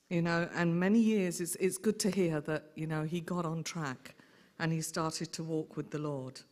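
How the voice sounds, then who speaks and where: A middle-aged woman, an aunt telling lively stories in a memorial tribute. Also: on the low side. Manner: lively anecdotal storyteller. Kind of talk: eulogy storytelling.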